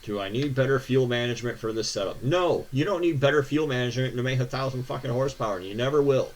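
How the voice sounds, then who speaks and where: Reading viewer posts on his car channel, a young American man speaks quickly at a medium pitch. His reactions are exasperated and sarcastic rants laced with swearing.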